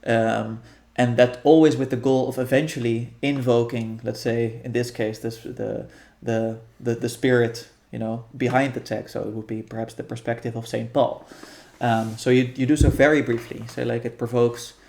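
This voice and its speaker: A man with a creaky, mid-range voice calmly walks through how a guided meditation practice will go. He's a guest explaining it in casual conversation, thinking aloud in a thoughtful, halting way with many restarts and fillers.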